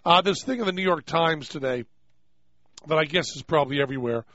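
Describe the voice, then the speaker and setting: Rambling radio host, slightly high voice. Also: male voice, sharp tone, no room sound. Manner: rambling, jokey, quick to laugh. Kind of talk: casual radio talk. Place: radio studio. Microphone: studio microphone. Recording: dry, dull-toned studio sound.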